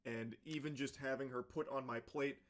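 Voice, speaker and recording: A man's voice: mid-range voice, steady tone, normal speed. A man delivering ranting commentary in a scornful, exasperated way. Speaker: online commentator.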